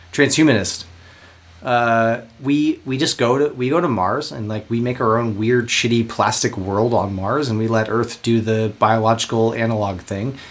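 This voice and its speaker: A man with a Southern American accent, co-hosting a casual podcast chat, animated, laughing often and swearing freely. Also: medium pitch. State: high. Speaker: podcast co-host.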